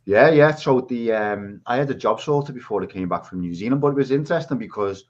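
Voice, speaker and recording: A man's voice: mid-range voice, animated, a little fast. A man with a Scouse accent, chatting casually as a podcast guest and telling his story over a video call. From England. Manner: rambling storyteller. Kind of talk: casual chat. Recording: dull lo-fi audio.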